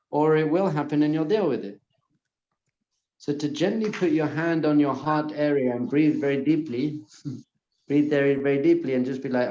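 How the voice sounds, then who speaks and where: An earnest man teaches a live class in a mellow, warm voice. His words carry the echo of the room, and the recording sounds a bit dull and lo-fi. He often repeats a phrase gently and softly. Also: medium pitch. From lives in Israel. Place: lecture room with audience.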